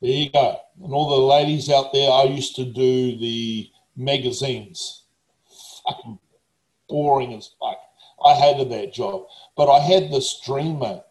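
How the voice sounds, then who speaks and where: A man's voice: mid-range voice, steady tone, a little slow, darkish tone, roomy sound, rough recording. A man, a motivational speaker talking casually, blunt, emphatic and swearing heavily. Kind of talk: casual talk.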